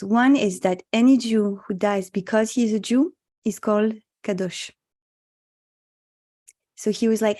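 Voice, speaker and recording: Mellow-voiced woman rabbi, slightly gravelly. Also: mid-range voice. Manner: earnest and reflective, with Hebrew religious terms. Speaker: rabbi and meditation teacher. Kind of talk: spoken teaching at an online meditation session.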